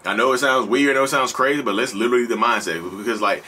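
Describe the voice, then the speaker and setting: Bright-voiced North Carolina man talking casually. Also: mid-range voice, quick pace, husky. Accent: Southern US, North Carolina. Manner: earnest, repetitive, conversational, addresses listeners directly. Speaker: vlogger discussing narcissism. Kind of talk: casual to-camera monologue.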